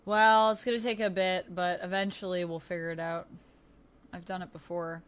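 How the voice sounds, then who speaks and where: A woman's voice: fairly low pitch, fairly even intonation, moderate pace, clean tone. A woman streamer chatting casually during a live stream, thinking aloud while she fixes her setup. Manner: chatty, laughs often, thinks aloud while fixing tech.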